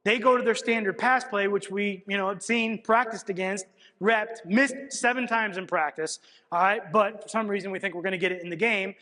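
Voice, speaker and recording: A man presenting at a coaching clinic, breaking down game film as an animated storyteller who keeps checking in with "all right". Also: high-pitched, normal speed. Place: lecture hall at a coaching clinic. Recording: long reverb in a large hall.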